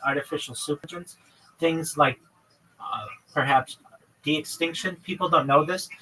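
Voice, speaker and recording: Bright, earnest man on a distant mic. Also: a little high, a little hiss or hum. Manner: earnest, lists many topics in long runs. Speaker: livestream host. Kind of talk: livestream chat with a caller.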